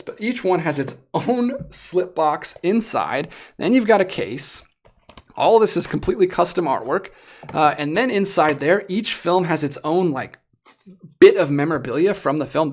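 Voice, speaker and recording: A young adult host on a casual livestream, talking in an animated, excitable way. The voice has a gravelly rasp and is starting to wear hoarse. The pitch sits in a middle range. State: voice going hoarse. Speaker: livestream host reviewing disc collectibles.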